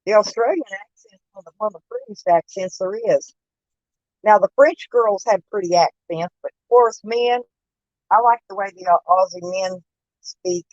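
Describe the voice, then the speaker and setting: A woman's voice: medium pitch, moderate pace, darkish tone, no room sound, muffled recording. A woman, chatting casually with viewers on a live stream, laughing often and calling them by name. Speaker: host of a live chat stream. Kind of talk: casual chat. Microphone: phone.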